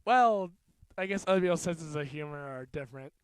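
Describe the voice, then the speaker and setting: High, smooth-voiced young student commentator. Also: male voice, fairly quick. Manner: jokey, rising to excited shouts on big plays. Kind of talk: amateur sports commentary.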